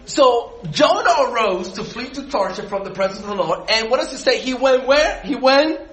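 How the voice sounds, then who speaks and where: Animated male Bible study leader, high and lively, quizzes his group. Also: normal speed. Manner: animated, asks the group questions, laughs often.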